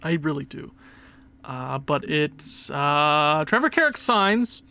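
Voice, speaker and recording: A young man commentates his own game session in a high-pitched voice with a bright, forward edge. He thinks aloud, muttering over his choices and bursting into excited outbursts. He speaks close to a desk microphone. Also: slow, vocal fry, smooth. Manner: excitable, talks to himself while playing. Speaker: gaming video host. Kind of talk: gameplay commentary.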